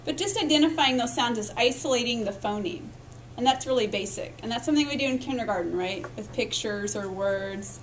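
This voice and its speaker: A woman with a fairly high voice gives a recorded lecture on early reading. She walks through each idea step by step, sounds out speech sounds herself, and keeps checking in with "right?". Faint noise sits under her voice. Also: fairly quick, rough recording. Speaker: literacy education instructor.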